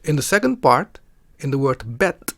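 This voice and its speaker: Slow, gravelly male language teacher. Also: medium pitch, animated, dry recording. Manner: deliberate, explanatory. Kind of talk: scripted pronunciation lesson.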